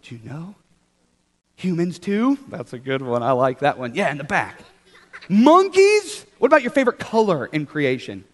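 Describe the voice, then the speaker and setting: Lively high-voiced man leading children. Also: moderate pace. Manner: upbeat, animated, coaxing kids to join in. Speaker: children's church leader. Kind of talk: children's sermon. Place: large church hall with children. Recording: hall reverb.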